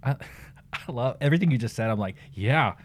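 A man co-hosting a church podcast, speaking calmly and soothingly about scripture and faith. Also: medium pitch, no room sound. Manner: calm, slow, soothing speech. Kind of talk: casual faith conversation. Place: small room at the church.

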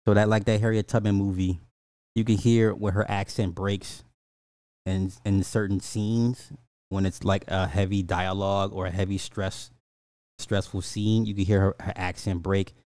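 A man's voice: low voice, little pitch movement, moderate pace, a little mellow, dry recording. A man in his forties with an African American accent gives blunt, profane opinion commentary, stammering and restarting as he reads news quotes aloud and reacts to chat. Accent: African American Vernacular English. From United States. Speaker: commentary host.

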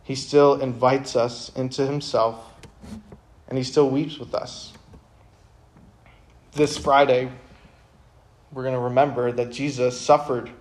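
A young man speaking to a room of high school students. His delivery is casual and earnest, with lots of "um" and "like". He stays quiet and reflective for long stretches, then turns loud and animated when he wants to drive a point home. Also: slow pace, long pauses. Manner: casual, earnest, lots of fillers, bursts of energy. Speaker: youth speaker.

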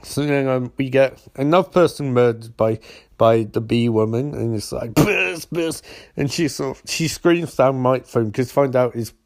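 A man rambles through a comedic recap of a TV episode. He mocks every scene and keeps slipping into loud, squeaky character voices. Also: normal speed.

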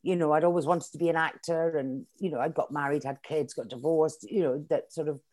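Middle-aged Scottish woman, low voice, wry chatty interview guest. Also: steady tone, a little fast, darkish tone. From Scotland. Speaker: comedian guest. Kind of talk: conversational interview.

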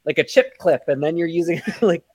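Guest, giggly, quick asides, middle pitch. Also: dark tone. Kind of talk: casual chat.

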